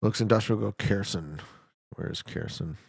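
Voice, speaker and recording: A Canadian streamer with a fairly low, gravelly, slightly rough voice talks at a moderate pace while playing a game live. He chats profanely and excitably, joking with viewers and getting worked up over his guesses, in studio-quality sound with no echo.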